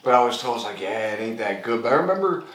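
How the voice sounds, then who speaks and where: A man hosting a podcast in casual chat, laid-back and reacting quickly to his guest's story. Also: mid-range voice, big pitch swings. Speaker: podcast host. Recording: roomy, distant mic.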